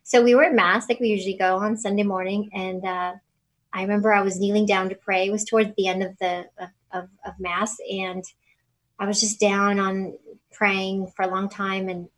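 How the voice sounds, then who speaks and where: A woman being interviewed, telling a personal story in a halting, emotional way with many fillers and restarts. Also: mid-range voice, level tone, poor audio. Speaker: interview guest.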